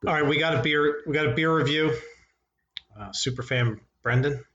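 A man's voice: fairly high pitch, steady tone, normal speed, fairly bright tone, highs cut off. A man hosting a casual podcast, laughing easily and moving the talk to the next segment. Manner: laughs often, leads segments. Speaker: podcast host. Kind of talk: casual chat. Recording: echoey room.

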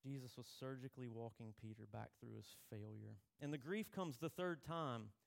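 A male pastor delivering a sermon in an easy, conversational manner, mixing scripture with stories from his own life. His voice has a gravelly, slightly creaky texture at a mid pitch. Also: normal speed. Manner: conversational preaching with personal stories.

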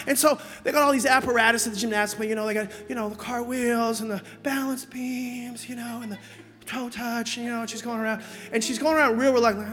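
A man preaching as a pastor, telling a lively story with acted voices, then leading a prayer, somewhat out of breath. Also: very high voice, quick pace, slight background noise. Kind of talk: sermon with altar call. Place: church auditorium. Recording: long hall reverb with music behind.

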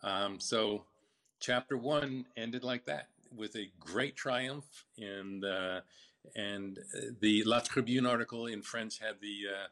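An older man recounting his business story in a casual interview, halting with fillers and restarts. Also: lowish voice, a bit bright.

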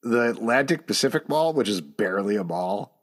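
A man's voice: on the low side, brisk. A middle-aged man co-hosting a casual comic book review podcast, acting out character lines as he talks. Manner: animated, acts out character lines mid-sentence. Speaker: podcast co-host.

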